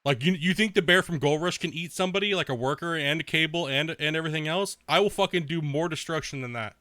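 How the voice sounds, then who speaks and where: A man's voice: a little high, fast talker, sharp tone, no room sound, studio quality. Brash, profane young man streaming. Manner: profane, trash-talking, laughing often; rambling, full of filler words. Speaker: game streamer. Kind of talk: casual live-stream chat.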